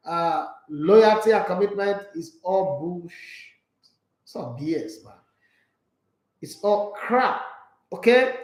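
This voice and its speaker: A man's voice: high-pitched, echoey room, low-quality recording. A Nigerian man hosting a sports show, chatting casually and opinionated as he reacts to listener comments. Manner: animated, opinionated, with frequent asides.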